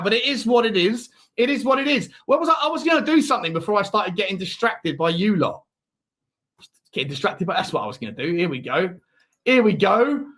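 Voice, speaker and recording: A man's voice: sits high, fairly bright tone. A man hosting a live football watch-along, chatting in a rambling way and reading out viewer messages. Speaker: host.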